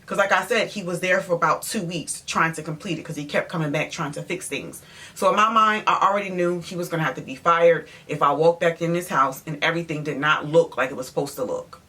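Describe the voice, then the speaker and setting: A woman interior designer telling a story in an animated, emphatic way, speaking straight to her viewers. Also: low-pitched, a little fast. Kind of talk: storytime vlog.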